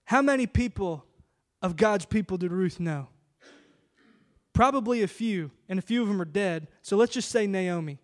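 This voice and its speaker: A man's voice: high-pitched, animated, moderate pace. A man pastor preaching an emphatic sermon full of rhetorical questions.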